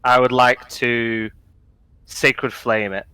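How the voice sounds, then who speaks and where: A man's voice: mid-range voice, fairly even intonation, slow, pushed and bright, smooth, no echo, low-quality recording. A man playing a tabletop game, eagerly arguing his case in casual chat. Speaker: player.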